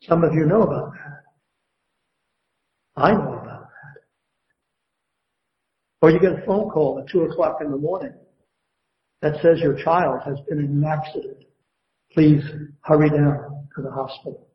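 A male pastor preaches a sermon with a voice a little higher than most men's. He builds his emphasis and puts questions to the congregation. The sound is roomy and a bit muffled, as if recorded in a church sanctuary. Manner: preaching with rising emphasis and call-and-response questions.

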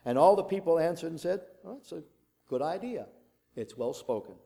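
A man's voice: a little high, animated, moderate pace, vocal fry, mellow. A man preaching a sermon, reading a long scripture passage with dramatic delivery, voicing the quoted speakers and adding his own asides.

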